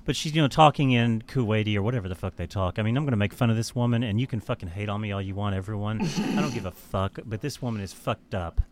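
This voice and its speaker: A man's voice: fairly low pitch, fast, few pauses. Crude, laughing male podcast host. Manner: crude, mocking storyteller who swears freely and laughs often. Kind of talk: casual chat.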